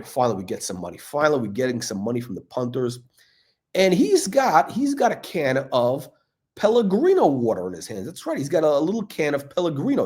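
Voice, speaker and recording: A man's voice: medium pitch, a little mellow. A man hosting a watch channel, talking in a rambling, sarcastic monologue full of fillers, restarts and swearing. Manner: sarcastic, profane, meandering with many fillers and restarts.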